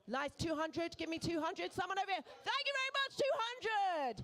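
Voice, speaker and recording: A woman with a high, bright-pitched voice works a live charity auction in a pub. She calls each bid briskly and coaxes and teases the bidders with playful banter. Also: sing-song. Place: pub event room.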